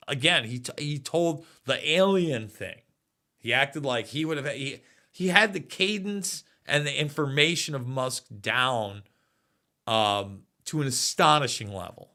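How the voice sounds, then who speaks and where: Bright-voiced man in his forties hosting. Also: medium pitch, vocal fry. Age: 40s. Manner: rambling, reads viewer comments aloud. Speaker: livestream host. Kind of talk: casual live chat.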